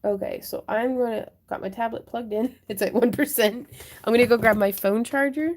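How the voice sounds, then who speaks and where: A woman's voice: a little high, moderate pace, slight background noise. A young woman hosting a craft livestream, chatting casually and answering viewers while she works. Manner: chatty, thinks aloud and answers viewer chat.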